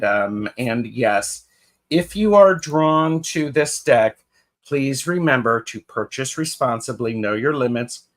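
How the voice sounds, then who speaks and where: Unhurried man greeting a live-stream chat. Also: medium pitch, fairly bright tone. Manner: unhurried, greets chatters by name with fillers and restarts. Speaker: co-host of a live tarot stream.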